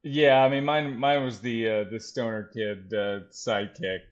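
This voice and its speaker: A man on a comedic movie review podcast, talking haltingly with dry humor. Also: medium pitch, steady tone, lo-fi sound.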